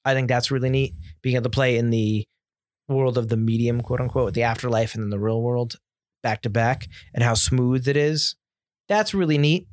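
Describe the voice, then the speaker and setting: A man's voice: mid-range voice, moderate pace, no room sound. An American man co-hosts a casual conversation in a dry, close-miked sound. His delivery is opinionated and rambling, and he often restarts his sentences as he builds an argument. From United States. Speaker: podcast co-host. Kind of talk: casual chat about video games.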